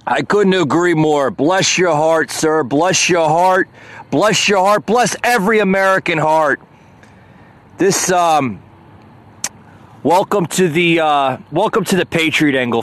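A man's voice: on the high side, unhurried, a bit bright. Aggravated man hosting a political podcast. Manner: hesitant, many uh fillers, aggravated. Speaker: podcast host.

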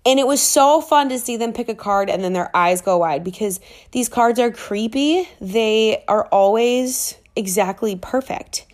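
A woman vlogging in a chatty, excitable way, full of fillers, recording in a rented apartment. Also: on the high side, unhurried. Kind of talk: casual travel chat. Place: rented apartment in a big city.

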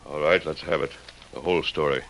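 A man's voice: a bass voice, fairly even intonation, brisk, a bit bright, a little hiss or hum. An actor playing a stern masked lawman hero in a 1940s radio drama, firm and commanding.

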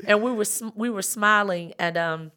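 A woman producer, a guest in a radio studio, telling a story in an interview in an animated, excitable way with quick bursts of speech. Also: mid-range voice, clean tone. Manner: animated, excitable, rapid bursts when recounting events. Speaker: comedy show producer, guest.

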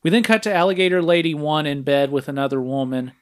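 A man's voice: on the high side, lively intonation, quick pace. A man co-hosting a podcast, walking through a movie's plot in a casual, step-by-step recap with frequent filler sounds. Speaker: podcast co-host.

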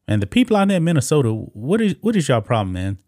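A man's voice: mid-range voice, very animated, fast, a little mellow, no room sound, studio quality. A man hosting casual political commentary, talking straight to viewers as guys and scoffing as he reads news quotes. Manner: talks straight to viewers, calls them guys.

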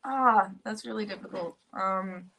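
A woman's voice: mid-range voice, measured pace, creaky, bright, forceful tone, slight background noise. A young woman guest on a casual live podcast, giggly and easygoing.

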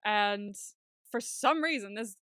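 Bright-voiced chatty woman podcaster. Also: mid-range voice, slow pace, dry recording, clean studio sound. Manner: chatty, swears freely, laughs often. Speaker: podcast co-host. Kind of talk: casual TV recap chat.

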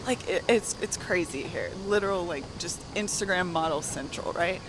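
Breathless soft-spoken Southern woman. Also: fairly low pitch, moderate pace. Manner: soft-spoken, laughs between sentences. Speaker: guest. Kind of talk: casual storytelling. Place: gym, on a treadmill. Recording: loud gym noise behind.

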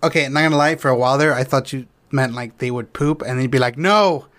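A man co-hosting a comedy podcast, chatting loosely, joking loudly and slipping into silly voices. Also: mid-range voice, fairly even intonation, fast. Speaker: podcast co-host. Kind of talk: casual comedy chat.

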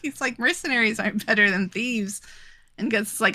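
Podcast co-host, woman, bright and forceful tone, dry close sound, acts out every character. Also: fairly high pitch, no room sound. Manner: animated, acts out characters in quick quoted lines, laughs often. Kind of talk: casual chat, retelling a manga with quick voiced asides.

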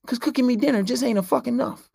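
A man's voice: very high-pitched, quick pace, creaky, darkish tone, slightly rough, dry recording, studio quality. A man hosting a solo podcast, ranting in a brash, profane and preachy way. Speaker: podcast host.

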